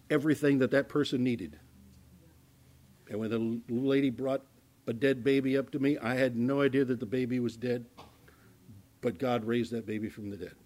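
A man with a medium-pitched voice preaches as a pastor, giving conversational Bible teaching. He often restarts his words and swings between loud emphasis and hushed asides.

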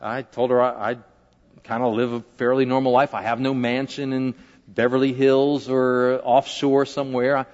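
A man's voice: medium pitch, level tone, normal speed, darkish tone. A man, a pastor, preaching a conversational sermon in a large church sanctuary, often asking the congregation questions. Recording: dull lo-fi recording with long hall reverb.

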